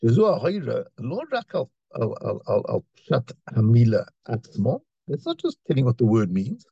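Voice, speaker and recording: Gravelly man teaching a Torah class. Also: mid-range voice, sing-song, moderate pace, warm tone, no room sound, dull audio. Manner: reads Hebrew lines then translates, with repetitions and restarts. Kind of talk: Torah class explaining texts.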